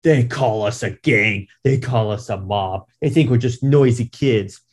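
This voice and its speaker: A man's voice: medium pitch, measured pace, a little mellow, husky. A man doing a rabble-rousing gang leader. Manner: rousing speech.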